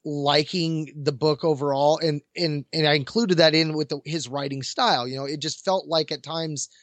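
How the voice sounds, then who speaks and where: A man in a casual podcast chat about a book, halting and playful. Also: a little high, fairly even intonation, a bit bright, no echo. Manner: halting, repeats words, playful. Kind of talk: casual book-review discussion.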